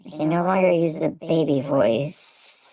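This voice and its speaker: A man testing a high-pitched voice changer filter on his livestream. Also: measured pace, warm tone, dry recording, rough recording. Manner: curious, trying out each setting.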